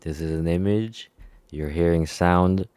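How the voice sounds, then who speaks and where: A man's voice: sits low, unhurried, a little mellow, clear, resonant tone, no room sound. A man in a rambling, profane monologue to camera, chuckling often between remarks. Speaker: vlogger. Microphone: personal microphone.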